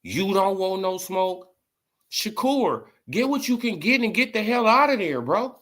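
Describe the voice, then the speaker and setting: Emphatic high-voiced man ranting about boxing. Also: sing-song, a little slow, a bit bright. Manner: emphatic, repetitive, slangy. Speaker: boxing commentary vlogger. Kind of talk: casual boxing commentary.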